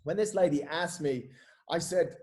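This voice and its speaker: A man, a podcast guest and coach telling stories in casual, animated chat, swearing and saying "mate" a lot. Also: a little high, normal speed.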